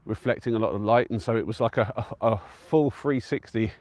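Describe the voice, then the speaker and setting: A man's voice: fairly low pitch, brisk, a little mellow, no echo. A man from England chatting casually on a live stream from an open hilltop, easygoing and answering viewers' comments as he goes. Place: outdoors on a windy-free open hilltop at a trig point.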